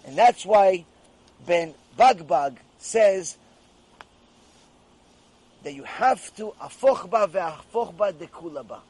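A man's voice: high voice, expressive, takes it slowly, long pauses, darkish tone, low-quality recording. A rabbi giving an emphatic Torah lecture and repeating his key phrases for emphasis.

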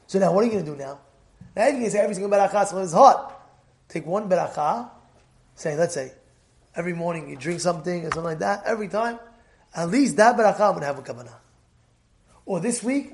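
Animated high-voiced man teaching Torah. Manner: animated storytelling, mixes Hebrew terms, asks the listeners questions. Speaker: rabbi teaching a Torah class. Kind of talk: lively Torah class talk.

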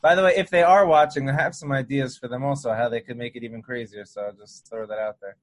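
A man in a casual podcast chat, pitching ideas with enthusiasm. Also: fast.

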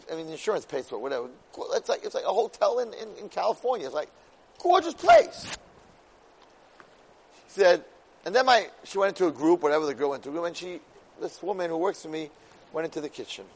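Animated man telling a Torah story. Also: a little high, fast talker, breathy edge, poor audio. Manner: animated storyteller who bursts into loud exclamations. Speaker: rabbi.

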